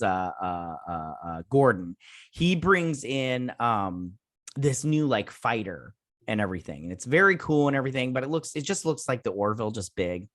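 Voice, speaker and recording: A man's voice: mid-range voice, a bit bright, dry recording, studio quality. A man hosting a TV review channel, recapping an episode in a casual, rambling way, with lots of fillers and restarts.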